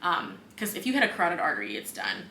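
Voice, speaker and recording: A young woman co-hosting a book podcast, retelling the plot in casual chat, expressive and swearing freely. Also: on the low side, fast. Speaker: podcast co-host. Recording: echoey room with faint hum.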